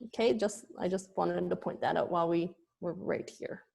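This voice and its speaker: A woman's voice: lowish voice, creaky, darkish tone. A woman yoga teacher explaining Sanskrit pronunciation, sounding out letters one by one. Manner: explanatory, demonstrates sounds slowly.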